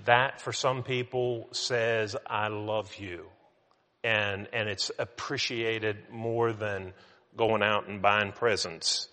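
A man's voice: fairly low pitch, fairly even intonation, slow, bright, forceful tone. Middle-aged man preaching in a reverberant hall. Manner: conversational storytelling with self-mocking humor. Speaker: pastor. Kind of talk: sermon.

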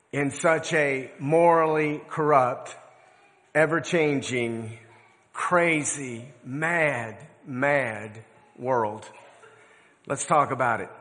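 A man in his sixties preaching a sermon, telling stories in an earnest, measured way with emphatic phrasing. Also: fairly high pitch, a bit bright. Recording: long reverb of a large hall.

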